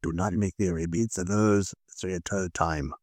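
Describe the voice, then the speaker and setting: Teasing man with low voice. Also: fairly even intonation, a little mellow, no room sound. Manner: teasing, quick questions. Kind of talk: casual chat.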